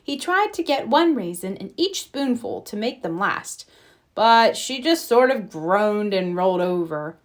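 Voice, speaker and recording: A woman narrating a children's storybook aloud in a gentle, expressive way. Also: mid-range voice, a little slow. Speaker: storybook reader.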